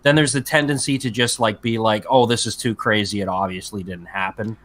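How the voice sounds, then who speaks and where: A man's voice: lowish voice, steady tone, brisk, fairly bright tone. A man co-hosting a podcast in loose, profane chat who tends to lose his thread. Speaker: podcast co-host. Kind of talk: casual chat.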